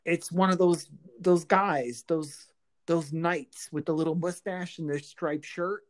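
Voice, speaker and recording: A woman's voice: fairly low pitch, steady tone, measured pace. A woman co-hosting a casual podcast, teasing and joking with her partner. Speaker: podcast co-host.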